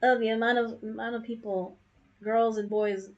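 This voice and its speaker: A woman's voice: fairly high pitch, little pitch movement, normal speed, highs cut off. A young woman reading a dating game aloud at home, breaking off to gush, giggle and fluster over the story. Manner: giggly, gushing, easily flustered. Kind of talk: casual game playthrough reading and commentary.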